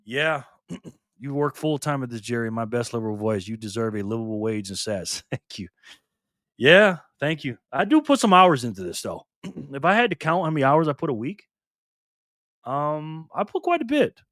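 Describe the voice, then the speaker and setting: An older man hosting a casual live stream, reading comments aloud in a chatty, excitable way. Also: a little high, normal speed, dry recording, clean studio sound. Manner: chatty, excitable, laughs often.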